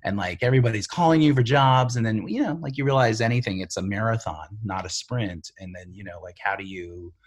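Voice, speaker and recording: A man's voice: fairly low pitch, a little fast, few pauses. A middle-aged man from the Bronx, a screenwriter, telling his story loosely in an interview, full of "you know" and "like". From the Bronx, New York. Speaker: screenwriter guest.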